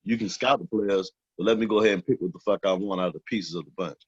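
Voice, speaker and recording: A man's voice: deep voice, quick pace, husky, no room sound. A man on a casual sports talk show, speaking bluntly with lots of swearing. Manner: blunt, profane, heated. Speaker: co-host. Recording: dull, dry sound.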